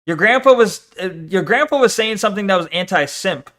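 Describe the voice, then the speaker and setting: A man's voice: high-pitched, lively intonation, brisk, a bit bright. A man streaming, reacting to a video with profane, mocking rants. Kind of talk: casual reaction commentary.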